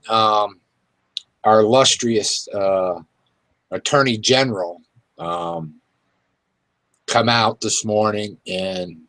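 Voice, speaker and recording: A man hosting a talk show, speaking in an irritated, halting way with many fillers. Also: on the low side, a bit bright, dry recording. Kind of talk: casual political talk.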